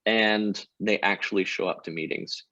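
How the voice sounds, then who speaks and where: Low-voiced energetic sales guest. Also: male voice, normal speed, dry recording, muffled recording. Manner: energetic, explains step by step, role-plays sales calls. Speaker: head of sales, podcast guest. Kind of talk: casual interview talk.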